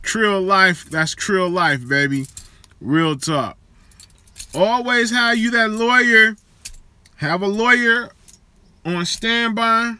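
A man's voice: high voice, takes it slowly, long pauses, pushed and bright, smooth, no echo. A man hosting a live show, chatting casually and profanely with viewers in a streetwise way.

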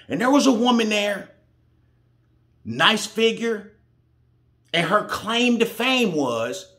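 A man's voice: high-pitched, big pitch swings, moderate pace, fairly bright tone. A man giving reaction commentary, blunt and heated, swearing freely as he argues his point. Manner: blunt, heated, profane, preachy. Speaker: reaction show host.

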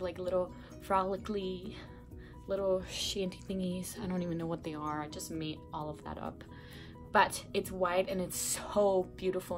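A young woman giving casual breakup advice in a vlog, chatty and rambling, with many fillers and self-corrections, sounding a bit sick and congested from her bedroom. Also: mid-range voice. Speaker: vlogger. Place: bedroom at home.

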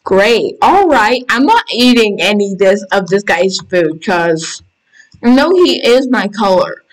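A woman hosting a gaming channel, giving excitable casual commentary while playing and reading game text aloud, squealing when panicked. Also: mid-range voice, takes it slowly, low-quality recording. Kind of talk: casual let's-play commentary.

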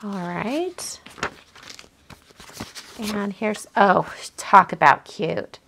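Very slowly but animatedly, a card-making livestream host with a creaky, sharp-toned, mid-range voice opens cards her viewers mailed her, gushing and chatting with many fillers as she thinks aloud. There's slight background noise.

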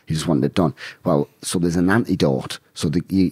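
A man's voice: low-pitched, moderate pace, few pauses, darkish tone, breathy edge, no echo, clean studio sound. A man telling a blunt, rambling story full of swearing in a casual interview. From England. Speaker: guest, bare-knuckle fighter.

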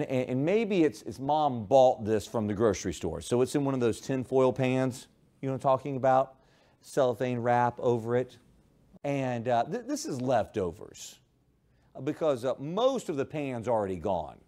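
A male high school history teacher giving a classroom lecture, telling a playful story and calling on students by name. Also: big pitch swings, a little fast, mellow. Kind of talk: classroom lecture with humorous illustration.

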